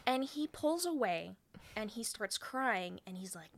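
A woman's voice: mid-range voice, animated, unhurried, creaky. A woman co-hosting a podcast, retelling a film in casual chat, full of "like" fillers and acting out the characters' lines. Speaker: podcast co-host recapping a film.

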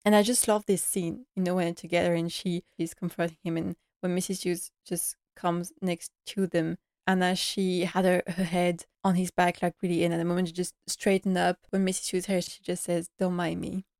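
A woman's voice: fairly low pitch, level tone, normal speed, hardly any pauses, a little mellow, no room sound, clean studio sound. A woman giving a casual episode recap in an earnest, emotional way, often saying "like" as she goes. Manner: earnest, emotional, many filler likes. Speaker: TV series recap vlogger.

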